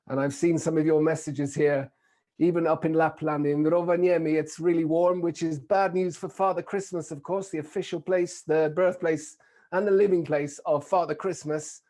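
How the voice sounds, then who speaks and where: Brief: British man, middle-aged, keynote speaker on a video call, mellow and a bit high, playful and engaging. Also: fairly even intonation, normal speed. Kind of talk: online keynote talk. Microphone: video call microphone.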